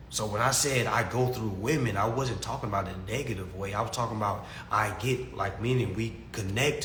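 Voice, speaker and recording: A man's voice: on the low side, bright, forceful tone, roomy sound, slight background noise. A man preaching to his livestream audience in a casual, slangy monologue, emphatic and given to repeating himself. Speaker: livestream host answering chat.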